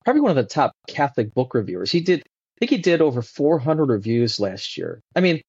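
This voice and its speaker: A man talking as a podcast guest in a casual, animated way, with many fillers and restarts. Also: medium pitch, fairly quick, slightly rough, dry recording. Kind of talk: casual conversational interview. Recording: dull lo-fi dry sound.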